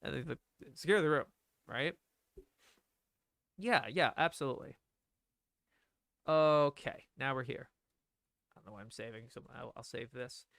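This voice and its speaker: A young man streaming casual film commentary, animated and laughing, reading dialogue lines aloud. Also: medium pitch, a little slow, creaky, pauses often, no echo.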